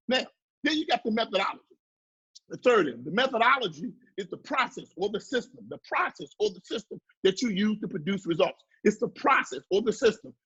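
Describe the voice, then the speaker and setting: A man's voice: fairly bright tone, husky, muffled recording. A man giving a motivational business talk in a preachy call-and-response manner. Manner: preachy call-and-response, mimics others in high voice. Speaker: marketing speaker.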